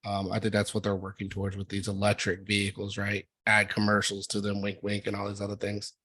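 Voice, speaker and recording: A man hosting a casual trading meeting, talking through charts in a relaxed, rambling way with lots of fillers. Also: lowish voice, brisk, breathy edge, dry recording. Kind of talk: casual market discussion.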